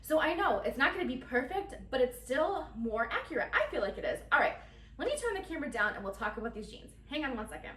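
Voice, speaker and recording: A woman's voice: sits high, sing-song, fast talker, a bit bright, recorded from a distance. Chatty giggly woman in an echoey room. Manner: chatty, giggly, talks straight to viewers. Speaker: fashion vlogger. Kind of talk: casual try-on haul chat.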